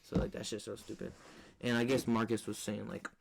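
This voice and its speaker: A man's voice: lowish voice, flat delivery, fairly quick, creaky. A young man co-hosting a podcast, telling family stories in slangy, profane, candid casual chat. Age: young adult. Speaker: podcast co-host.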